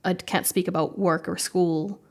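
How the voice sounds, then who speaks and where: A woman from the United States with an American accent softened by British intonation, speaking as an interview guest in a chatty way with many fillers. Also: on the low side, fairly even intonation, measured pace. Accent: American with British-influenced intonation. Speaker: guest, legal expert. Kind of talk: conversational interview.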